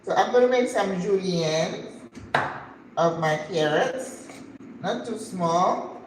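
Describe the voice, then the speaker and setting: A woman's voice: fairly low pitch, slow pace. An older woman tells a story as she cooks, taking her time and acting out every person in it with a flair for drama. Her voice rings around a roomy, echoing kitchen, and faint background noise sits underneath. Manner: animated, dramatic storyteller who acts out the people in her story. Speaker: cooking channel host. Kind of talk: casual storytelling while cooking.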